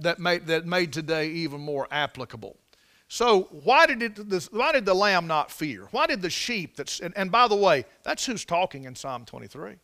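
A man's voice: on the high side, pushed and bright. A man preaching a sermon, telling folksy stories with repeated and restarted phrases and building to emphatic peaks on scripture. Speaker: pastor.

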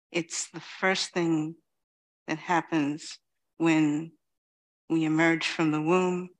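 A middle-aged woman from Queens giving a reflective dharma talk as a Zen teacher, pausing often and saying "you know". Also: low-pitched, creaky. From Queens, New York City. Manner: slow, reflective, many pauses and "you know".

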